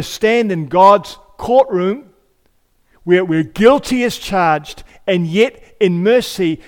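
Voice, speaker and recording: A male pastor delivers a sermon in a conversational way, with rhetorical questions and repeated phrases. His voice sits on the higher side. The sound trails off in a long church reverb.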